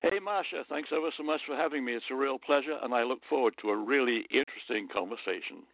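A man's voice: medium pitch, fast, vocal fry, no echo. An older man from London with a British accent, chatting as a podcast guest and telling anecdotes about his life. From London, England. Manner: chatty and anecdotal, with fillers and chuckles. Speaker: guest, storyteller and former radio host. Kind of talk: casual conversational storytelling. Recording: dry, phone-like line.

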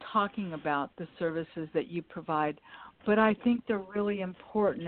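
A woman's voice: lowish voice, slight background noise. A woman hosting an interview, affirming her guests and asking questions with hesitant phrasing. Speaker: host. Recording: tinny phone-like sound.

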